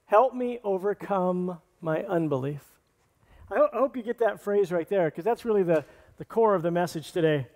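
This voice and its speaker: A man preaching in an earnest, plainspoken way from the pulpit. His voice sits somewhat high for a man, and a long reverb from the church hall trails his words. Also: fast talker, a little mellow. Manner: earnest, plainspoken preaching with restarts and scripture readings. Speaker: pastor. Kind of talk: sermon. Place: church sanctuary.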